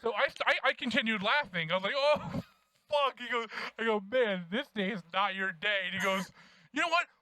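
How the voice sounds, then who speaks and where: A young man co-hosting a podcast, telling profane, animated stories in casual chat. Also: high-pitched, fast, hardly any pauses, no room sound. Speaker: podcast co-host.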